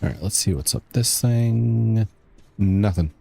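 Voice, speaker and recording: A man's voice: fairly low pitch, measured pace, creaky, warm tone, a little hiss or hum. A young man streaming a game, rambling casually to his chat as he plays. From United States. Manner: rambling, chatty, talks to chat while playing. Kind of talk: casual gameplay commentary.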